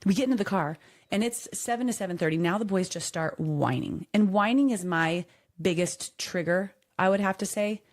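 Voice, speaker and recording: A woman in her thirties co-hosting a podcast, telling a story with animated acted-out voices. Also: medium pitch, moderate pace. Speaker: podcast co-host. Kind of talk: casual chat.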